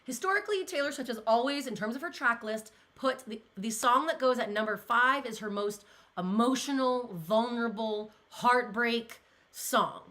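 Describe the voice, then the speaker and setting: A woman's voice: on the high side, normal speed, pushed and bright. A young woman vlogging in casual chat, gushing and rambling with many fillers, getting emotional as she reacts to viewer comments. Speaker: pop culture vlogger.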